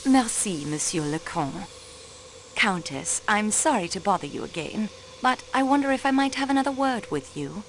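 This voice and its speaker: A woman's voice: medium pitch, lively intonation, moderate pace, slight background noise, lightly acted. A young woman voicing a poised, persistent amateur detective in a mystery game, dropping in French phrases. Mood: probing. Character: sharp young female sleuth, cool and persistent. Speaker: railway clerk acting as detective. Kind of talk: video game voice acting.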